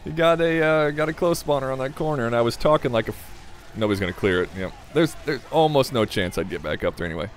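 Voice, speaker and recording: A man's voice: medium pitch, expressive, fast. A young man giving casual, rambling commentary over a game at his desk late at night, tired and giggly. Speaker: gaming commentator. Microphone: desk microphone.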